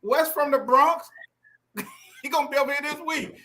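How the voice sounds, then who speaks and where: A man from Atlanta, joking and telling stories at an easy pace. His voice is very high and bright as he banters back and forth. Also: moderate pace. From Atlanta, Georgia. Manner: laid-back, joking, storytelling. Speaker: live stream host. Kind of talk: casual banter.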